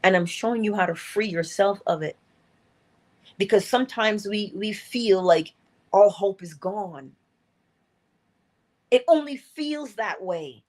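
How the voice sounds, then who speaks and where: A woman's voice: medium pitch, animated, measured pace, long pauses. A woman giving a motivational livestream talk as an inspirational speaker, earnest and coaching, repeating her key phrases.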